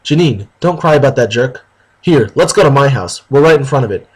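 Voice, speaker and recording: A man's voice: medium pitch, expressive, brisk, husky, rough recording. A man voicing a kind teenage boy who comforts a friend in a read-aloud story. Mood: comforting.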